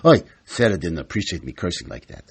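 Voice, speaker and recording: A grumbling grandfather psychiatrist in his sixties, played by a man in a comic stage monologue, ranting about everything with a husky edge. His voice leaps high and drops low all the time, very animated. He sits slightly low in pitch and sprinkles in Yiddish words. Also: a little fast, heavily acted. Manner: kvetching, exasperated rant with Yiddish words. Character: exasperated older male psychiatrist, grumbling grandfather.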